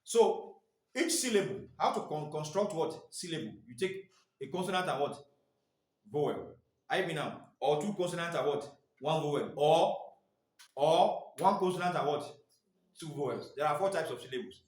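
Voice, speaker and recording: A man's voice: a little high, lively intonation, moderate pace, darkish tone. A man training teachers in phonics, quizzing the class with repeated "what?" questions. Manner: quizzing, asks "what?" and waits for answers. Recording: echoey room, mic far off.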